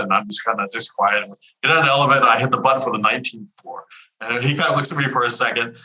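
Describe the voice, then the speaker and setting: A man in his fifties with a very bright, forward tone tells stories as a podcast guest. He talks with energy, often repeating words and restarting his sentences. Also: medium pitch, very fast, poor audio. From Houston area, US. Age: 50s. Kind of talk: casual storytelling interview.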